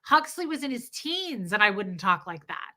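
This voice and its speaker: A woman's voice: medium pitch, very animated, moderate pace, sharp tone. A middle-aged woman hosting a casual livestream, chatting bluntly, swearing freely and reading viewer comments aloud. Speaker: livestream host.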